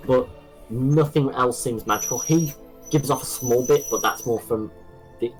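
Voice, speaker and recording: A man's voice: medium pitch, moderate pace, over music, low-quality recording. A man acting as game master, explaining rules and scenes with many restarts. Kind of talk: narrating a tabletop game.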